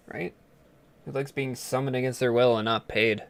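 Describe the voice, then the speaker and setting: A man's voice: mid-range voice, fairly even intonation, moderate pace, creaky. A man hosting a gaming channel, chatting in a rambling, self-amused way as he plays. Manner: chatty, rambling, laughs at himself. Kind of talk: casual let's-play commentary.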